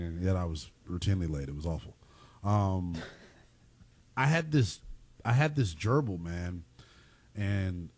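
A man co-hosting a casual podcast chat, playful and full of quick quips and laughter. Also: lowish voice, a little mellow, dry recording. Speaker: co-host.

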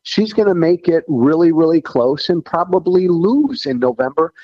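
A man's voice: a little high, big pitch swings, normal speed, no echo. Blunt folksy guy from illinois talking politics, kinda dull lo-fi sound, dry. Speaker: former congressman guest. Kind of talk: political interview.

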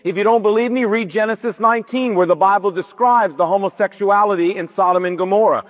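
Emphatic high-voiced male preacher. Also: fast. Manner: emphatic, storytelling, rhetorical questions. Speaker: pastor. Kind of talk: sermon. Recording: dull echoey hall recording.

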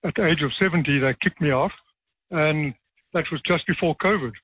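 A retired judge, telling stories with dry, self-deprecating humour in a radio interview. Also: male voice, a little high, fairly quick, a bit bright, husky, no echo, lo-fi sound. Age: 70s.

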